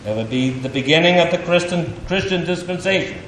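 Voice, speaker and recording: Animated, emphatic male preacher. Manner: animated, emphatic Bible teaching with dramatic pauses. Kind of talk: sermon. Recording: echoey room with faint rumble.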